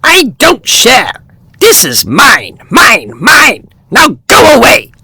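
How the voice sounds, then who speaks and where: A man voicing a small, grumpy, territorial male bird that shrieks and shouts in a high voice. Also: sing-song, slow, dry recording, full character voice. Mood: angry shrieking. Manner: shrill and shrieking.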